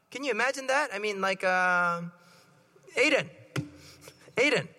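Priest guy preaching, high bright voice, jokey, big echoey church. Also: expressive, measured pace, long pauses. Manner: playful, joking and asking the congregation questions. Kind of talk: sermon. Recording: long hall reverb.

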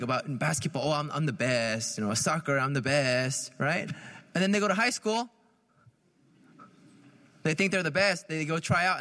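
High-voiced priest preaching in a reverberant hall. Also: male voice, sharp tone. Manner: conversational, asks questions, laughs at own jokes. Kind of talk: sermon.

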